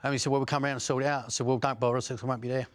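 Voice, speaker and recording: A man's voice: medium pitch, level tone, rapid-fire, no echo. A middle-aged man with an Essex accent, bluntly recounting crime stories, swearing and restarting often. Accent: Essex English. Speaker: interviewee.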